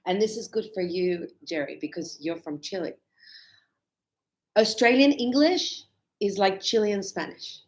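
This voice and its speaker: A woman teaching a relaxed spoken lesson, chatty and animated as she tells stories and laughs often. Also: medium pitch, unhurried. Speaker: English teacher. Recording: echoey room.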